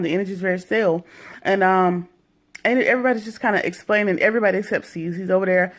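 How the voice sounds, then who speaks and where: Slangy vlogger with vocal fry. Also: mid-range voice. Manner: slangy, expressive retelling with profanity and mock quotes. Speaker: reality TV reviewer. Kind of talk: casual TV recap commentary.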